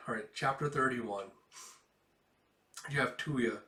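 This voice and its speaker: A man's voice: mid-range voice, steady tone, normal speed, fairly bright tone. A man casually retelling a comic book, full of fillers as he describes panels, recorded in an echoey room. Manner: rambling, filler-heavy retelling. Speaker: comic book reader and reviewer. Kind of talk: casual read-through with reactions. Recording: roomy echo.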